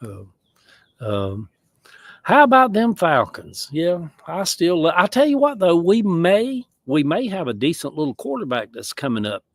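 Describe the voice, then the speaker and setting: A man's voice: on the high side, sing-song, measured pace, no room sound. A man with a Southern US accent chatting casually on a livestream from outdoors, rambling in a folksy way with chuckling asides. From American South. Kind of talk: casual chat. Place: outdoors in a yard.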